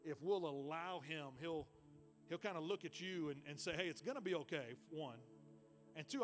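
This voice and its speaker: A man preaching a sermon in a church, telling stories with lots of energy and repeating words when he gets excited. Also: sits high. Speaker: pastor.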